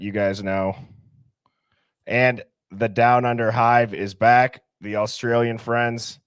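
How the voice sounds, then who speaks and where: A man hosts a casual livestream, working through viewer comments and greeting each person warmly by name. His voice sits at an ordinary middle pitch. The sound is dry and close, with no room echo. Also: smooth. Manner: upbeat, greets viewers one by one. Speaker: livestream host.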